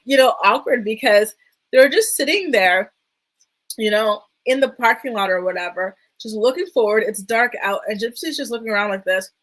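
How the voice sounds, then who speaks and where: Woman vlogger rambling thru a show recap, lots of likes and you knows, mid pitch. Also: a bit bright, low-quality recording. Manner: chatty, many fillers, dips into quoted voices. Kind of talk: casual recap commentary.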